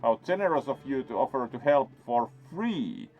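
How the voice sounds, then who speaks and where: A man's voice: medium pitch, expressive, normal speed, darkish tone, soft background music, lightly acted. A man voicing a smug, greedy rich merchant in a game, talking down in a condescending way. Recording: dull lo-fi sound.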